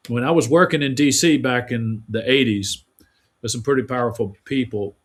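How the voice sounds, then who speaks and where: A man's voice: mid-range voice, normal speed. A man being interviewed, telling stories in a rambling, folksy way with frequent restarts. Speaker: guest. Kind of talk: casual interview conversation.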